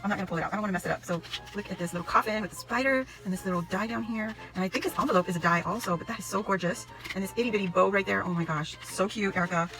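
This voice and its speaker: A woman chatting to camera as she unboxes a gift, gushing and excitable, often exclaiming in delight. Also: medium pitch, rapid-fire, music in the background, low-quality recording. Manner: gushing, excitable, repeats "oh my gosh". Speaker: craft vlogger opening a gift package. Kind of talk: casual unboxing chat to camera.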